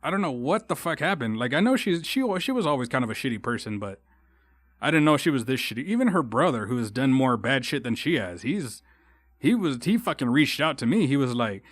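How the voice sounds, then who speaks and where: A man's voice: mid-range voice, expressive, brisk, no room sound. A young man from Texas hosting a solo podcast, ranting in a heated, rambling way with constant swearing and restarts. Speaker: podcast host. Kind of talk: casual solo podcast rant.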